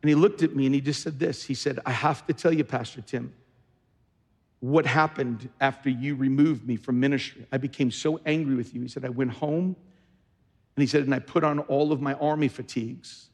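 A man's voice: medium pitch, steady tone, brisk, in a large hall. A man pastor preaching a sermon, telling a story with quoted speech and building to fervent exhortation. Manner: storytelling, quoting others, rising to fervent exhortation.

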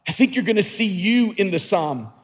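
A man's voice: high-pitched, expressive, moderate pace, husky. A man preaching a sermon as a pastor, earnest and emphatic, often repeating words as he builds a point. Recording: long reverb of a large hall.

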